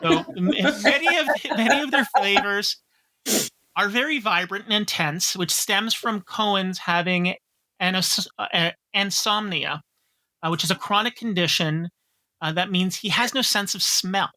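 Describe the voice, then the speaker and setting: A woman's voice: mid-range voice, measured pace, bright, forceful tone. A woman co-hosting a podcast in casual, joking chat, rambling with restarts.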